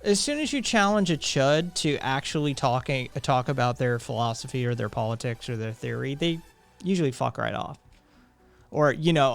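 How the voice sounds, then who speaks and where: A man's voice: medium pitch, normal speed, creaky, soft background music. A man hosting a live stream, chatting casually, reading viewer comments aloud, blunt and profane with sarcastic laughs.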